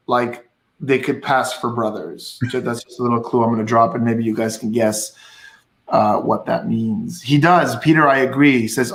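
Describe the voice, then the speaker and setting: A chatty man with a Québécois accent hosts a live stream, upbeat and rambling with lots of restarts. His voice sits at an ordinary pitch and carries a roomy echo. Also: a bit bright. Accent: Québécois French. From Quebec. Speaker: host. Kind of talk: casual live-stream chat.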